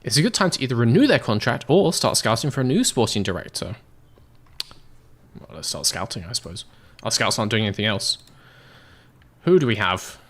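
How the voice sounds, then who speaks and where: A man's voice: mid-range voice, lively intonation, brisk, pauses often, a bit bright. A man giving casual gameplay commentary as a game streamer, in a sarcastic, self-mocking and joking way.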